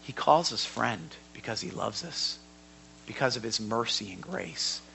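A man teaching a sermon in a church hall, emphatic and given to repeating words, swinging from quiet to loud. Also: lowish voice, expressive, measured pace, creaky, a little hiss or hum. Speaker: Bible teacher.

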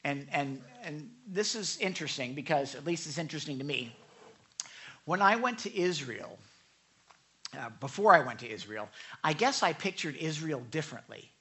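A pastor preaching a conversational, animated sermon with frequent asides and self-corrections. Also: mid-range voice, moderate pace.

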